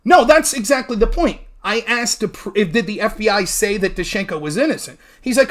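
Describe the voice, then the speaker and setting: A man's voice: sits high, big pitch swings, fairly quick, few pauses. A man hosting a political talk show, recapping a debate in a heated, argumentative way with emphatic, sometimes profane remarks. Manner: argumentative, mimics opponents mid-sentence.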